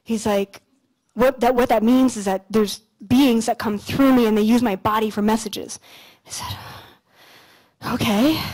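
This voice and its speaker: A young woman from Canada giving a motivational talk on a conference stage, telling stories in a casual, animated way with some swearing. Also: fairly high pitch, a little slow, rough recording. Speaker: conference speaker. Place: lecture stage at an expo.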